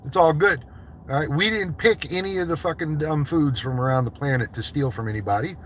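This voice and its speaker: A man's voice: a little high, brisk, slight background noise. A man from the United States in a vehicle, chatting with his livestream viewers in loose, profane, joking banter. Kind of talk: casual livestream chat.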